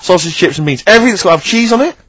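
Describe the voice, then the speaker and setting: A man's voice: high voice, lively intonation, very fast, heavy background noise. A man co-hosting a radio show, ranting emphatically and in exasperation during studio banter. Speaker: radio co-host.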